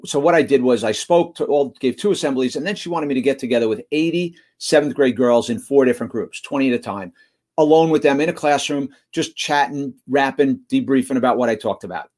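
Earnest male guest speaker, mid-pitched, stumbling restarts as he tells a story. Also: darkish tone. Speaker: guest, motivational school speaker. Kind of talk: storytelling in conversation.

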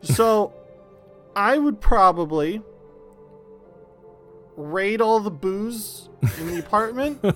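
A man with a mid-pitched, lively voice reacts to a story on a casual podcast. He asks eager questions, swears freely and jokes, with faint music in the background. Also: slow pace, long pauses. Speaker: podcast co-host. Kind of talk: casual chat.

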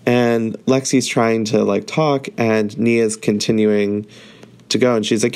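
A man's voice: on the low side, fairly even intonation, slow pace, darkish tone, clear, resonant tone. A man casually recapping a TV episode, talking loosely with lots of filler words. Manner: chatty, heavy use of "like". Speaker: show recap host.

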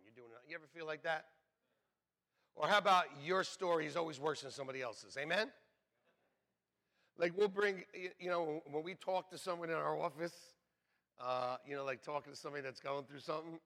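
A man preaching a sermon in a conversational, joking way, dropping to near whispers and building up to shouts. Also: a little high. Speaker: pastor.

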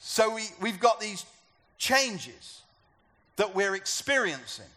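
A man's voice: sits high, big pitch swings, takes it slowly, pushed and bright. A man preaching a sermon to a church gathering, talking conversationally and asking the congregation questions. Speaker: pastor.

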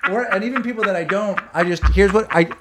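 A man's voice: high-pitched, fast, very noisy. A man co-hosting a casual comedy podcast, cracking jokes and laughing often. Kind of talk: casual chat.

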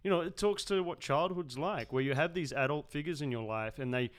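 Male co-host, smooth resonant voice, thoughtful and halting. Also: on the high side. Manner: reflective, hesitant with fillers. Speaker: podcast co-host. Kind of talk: casual chat.

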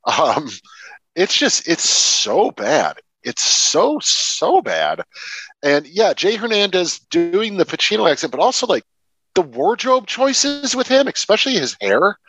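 A man's voice: sits high, low-quality recording. A young man co-hosting a film podcast, chatting casually and often restarting his sentences. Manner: lively, restarts often, drawn-out emphasis. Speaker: podcast co-host.

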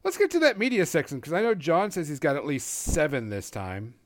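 A podcast co-host chats casually and swears while telling game stories packed with acted-out quotes. His slightly high voice swings hugely in pitch, he talks fairly quickly, and there's slight background noise.

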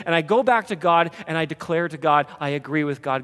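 A man preaches with fervor, his voice sitting high for a man. He drops into hushed asides, then builds to passionate peaks. The sound carries the long reverb of a big hall. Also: fast talker, hardly any pauses. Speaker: pastor. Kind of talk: sermon. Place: church sanctuary.

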